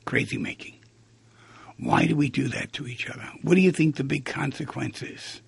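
Male talk host, very gravelly and raspy, dry close mic, reflective monologue. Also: a little high, fairly quick, no room sound. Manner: musing, asks rhetorical questions, acts out quoted lines.

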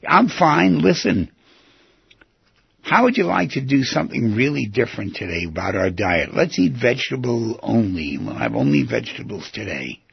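A man playing a calm, reasonable inner "computer" self who coaxes and bargains, recorded on a dull lo-fi track. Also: mid-range voice, normal speed, gravelly, slightly rough, no echo, exaggerated voice. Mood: coaxing. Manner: reasonable, coaxing. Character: patient, coaxing rational "computer" self, male.

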